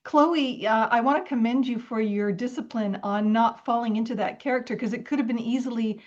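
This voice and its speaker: A woman hosting a film podcast, enthusiastic and quick to laugh as she interviews her guest. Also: on the high side, a little mellow. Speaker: podcast host. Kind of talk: casual interview chat. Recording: muffled lo-fi audio.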